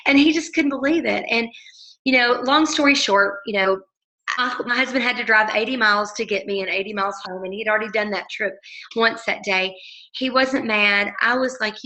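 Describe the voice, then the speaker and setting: A woman leading a book study group, telling stories in a casual way and reading out passages, with lively shifts into quoted voices. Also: on the high side, rough recording. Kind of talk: casual storytelling and book discussion.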